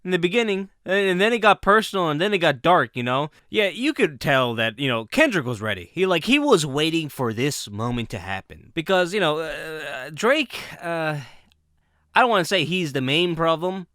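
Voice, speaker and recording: A man giving casual vlog commentary, animated, laughing often and swearing casually. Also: fairly high pitch, moderate pace, no echo, studio quality.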